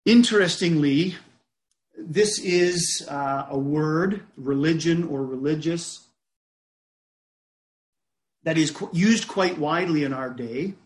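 A man preaching a sermon in a measured, deliberate way, often restarting his phrases. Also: on the high side, echoey room.

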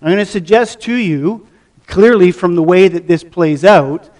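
A middle-aged pastor preaching a sermon, teaching the passage and putting questions to the congregation. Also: male voice, high voice, a little slow, darkish tone. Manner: teaching, asks the audience questions.

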